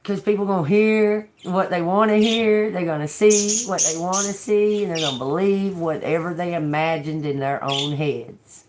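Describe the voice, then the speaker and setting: A woman's voice: lowish voice, fairly even intonation, moderate pace, few pauses. A woman tarot reader talking in a casual, rambling monologue, blunt, sarcastic and full of swearing, laughing between remarks. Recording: noisy home recording.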